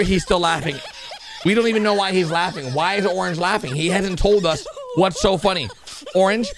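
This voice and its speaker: A man hosting a video channel, giving excited play-by-play commentary on cartoons and breaking into sudden high-pitched shouts. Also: fairly quick, crowd noise. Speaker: YouTube host reacting to cartoons. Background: background music.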